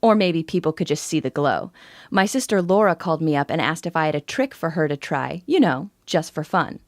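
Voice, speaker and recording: A woman's voice: low-pitched, lively intonation, brisk, no room sound, clean studio sound. A woman in her forties narrating a scripted first-person sales story in an intimate, confiding way. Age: 40s.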